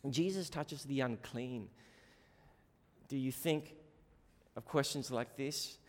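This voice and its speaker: Preacher in a hall, hushed to fervent. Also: male voice, mid-range voice, slow pace. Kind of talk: sermon.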